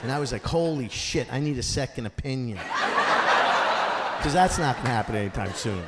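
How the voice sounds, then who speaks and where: A man performing a stand-up comedy set on stage, telling stories in an animated way and acting out the voices of the people in them. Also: mid-range voice, brisk. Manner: animated storytelling, acts out voices of others. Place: theater or school auditorium, live audience. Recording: live stage recording with long hall reverb and audience noise.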